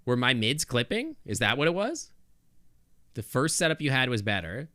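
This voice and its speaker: Bright, lively male streamer. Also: medium pitch, normal speed, dry recording, clean studio sound. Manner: chatty, thinking aloud with many restarts and asides. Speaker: game streamer. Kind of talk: casual live-stream chat with viewers. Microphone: desk microphone close up.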